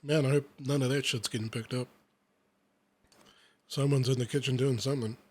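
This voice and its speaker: Reading a picture book aloud in a casual way, a thirty-something man keeps stopping for rambling, self-deprecating asides laced with swearing. His mid-range voice moves at a moderate pace with fairly even intonation.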